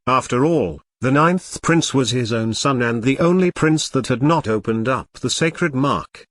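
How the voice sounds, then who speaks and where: A man's voice: medium pitch, no room sound. A man narrating a web novel aloud as an audiobook reader, voicing the quotes in his own voice.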